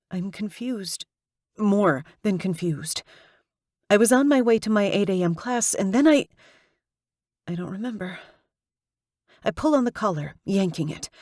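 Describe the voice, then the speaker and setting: A woman reads an audiobook in the first person, slow and deliberate with a gravelly fry. Her tone is husky and lowish. The recording is close and dry. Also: darkish tone, no room sound. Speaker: audiobook narrator.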